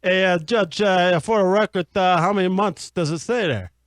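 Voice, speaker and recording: A man's voice: sits high, moderate pace, no echo, studio quality, natural voice. A man playing a jealous, suspicious husband in an improv comedy sketch, hesitant and full of uhs. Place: radio studio.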